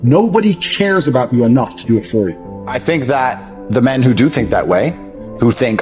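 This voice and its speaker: A man's voice: mid-range voice, animated, fairly quick. A man, ranting bluntly and profanely in a motivational talk, scornful of others. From England. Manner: profane, scornful, mocks others in put-on voices. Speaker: motivational speaker. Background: faint background music.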